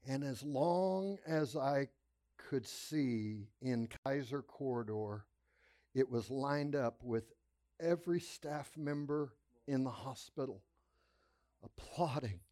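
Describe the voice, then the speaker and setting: A middle-aged male pastor telling a testimony in a sermon, animated, moving between loud laughing bursts and hushed retellings. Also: mid-range voice, takes it slowly.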